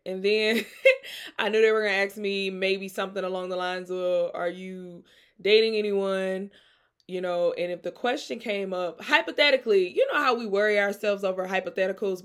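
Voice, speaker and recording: A woman's voice: medium pitch, fairly bright tone. A young woman from Mississippi with a Southern accent, hosting her podcast in a loose, chatty way and laughing often. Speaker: podcast host. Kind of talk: casual chat.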